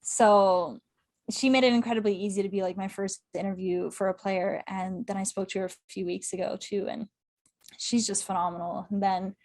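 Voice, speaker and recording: A young woman talking as a podcast guest, at a mid pitch for a woman. She rambles eagerly in casual interview chat, peppering her talk with "like" and breaking into laughter. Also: steady tone, a little mellow. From Canada. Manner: chatty, quick, laughs often, heavy use of "like". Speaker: podcast guest, club correspondent.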